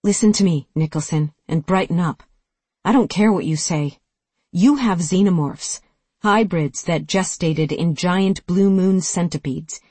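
A narrator voicing a forceful, impatient woman who served in the Marines and gives urgent, commanding orders in a sci-fi audiobook. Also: mid-range voice, unhurried, breathy edge, dry recording.

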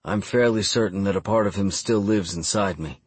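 A man reading a first-person audiobook narration in a measured, even storytelling delivery. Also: lowish voice, slightly rough, dry recording.

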